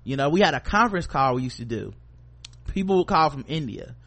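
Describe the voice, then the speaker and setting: A man's voice: on the high side, sing-song, fairly quick, fairly bright tone. Man telling a loose workplace story. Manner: loose anecdotal telling, acts out quoted voices, curses freely. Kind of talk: casual storytelling chat.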